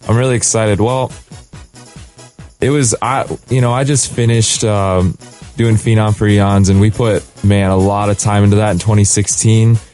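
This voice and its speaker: Low, mellow-voiced male rapper. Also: normal speed, soft background music. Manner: relaxed, eager storytelling with lots of "like". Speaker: hip hop artist and producer. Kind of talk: radio interview guest. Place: radio studio.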